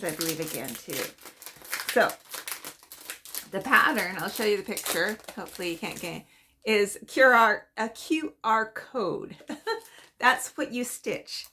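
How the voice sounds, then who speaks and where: A woman's voice: mid-range voice, sharp tone, a little hiss or hum. A middle-aged woman chatting casually at home as a cross-stitch vlogger, rambling with frequent ums and small laughs. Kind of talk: casual chatty show-and-tell.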